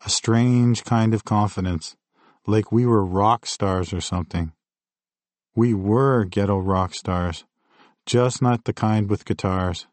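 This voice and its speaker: Low-voiced man reading a candid memoir. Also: a little mellow, dry recording. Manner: candid, reflective first-person storytelling. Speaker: memoir narrator. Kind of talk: scripted audiobook narration.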